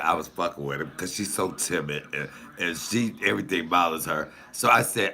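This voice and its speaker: A man, a comedian, telling profane, animated stories casually to his channel's viewers. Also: low-pitched, fairly quick, gravelly, hardly any pauses. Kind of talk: casual storytelling to camera.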